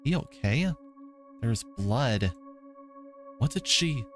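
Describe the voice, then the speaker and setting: A man's voice: medium pitch, animated, takes it slowly, soft background music, voice pushed up. A man voicing a gossiping teenage student in a crowd, crude and mocking.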